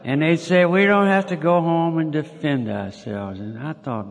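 A man's voice: a little high, moderate pace, creaky. An older man, telling his own story to a group in a folksy, plainspoken way with mild cursing. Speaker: speaker sharing his story. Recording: echoey hall, audience laughter far off.

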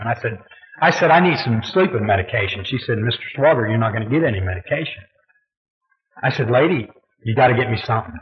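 A man giving a personal testimony at a recovery meeting, folksy and storytelling, often chuckling and saying "you know.". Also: medium pitch. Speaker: speaker sharing his recovery story at a meeting. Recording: dull lo-fi tape recording.

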